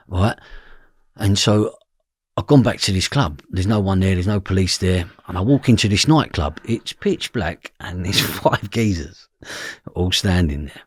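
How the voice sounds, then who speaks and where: Man, husky, blunt, swears, storytelling, close dry sound. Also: low voice, lively intonation, moderate pace, dry recording. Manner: blunt, swears freely, keeps asking "do you know what I mean". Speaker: podcast guest. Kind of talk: personal storytelling.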